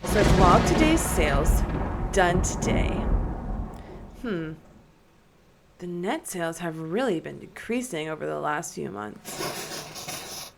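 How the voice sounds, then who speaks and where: A woman's voice: on the low side, expressive, slow, gravelly, long pauses, background noise. A young woman streaming a horror game, reading in-game text aloud and talking through her fear. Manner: jittery, scared commentary, reads in-game text aloud. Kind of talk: gaming livestream commentary.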